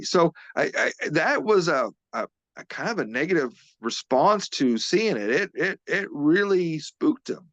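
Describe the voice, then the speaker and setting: A man, a physical therapist, being interviewed as a guest and earnestly retelling a witness's story, halting and restarting often. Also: a little high, very animated, dry recording, muffled recording.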